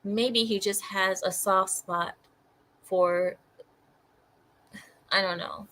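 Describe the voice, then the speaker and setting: A woman's voice: medium pitch, steady tone, extremely slow, fairly bright tone, low-quality recording. A woman reacting to the news as a commentator, exasperated and mocking, often repeating herself. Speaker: political commentator.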